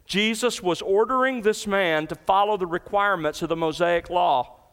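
A man preaching an expository sermon. He works through the verses emphatically, swelling on key points and dropping low for quotes. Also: moderate pace, a bit bright, clear, resonant tone. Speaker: pastor.

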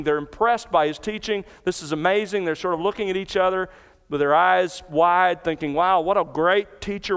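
A man's voice: a little high, fairly bright tone, clear, resonant tone, big-room sound. A man preaching a sermon as pastor, explaining scripture verse by verse with earnest emphasis in a large church. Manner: earnest expository preaching, cites scripture references.

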